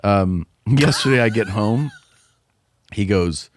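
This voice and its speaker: A man co-hosting a podcast, telling a story in a casual, animated way, swearing freely and yelling in the quotes, on a close studio mic. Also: fairly low pitch, a little slow. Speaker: podcast co-host.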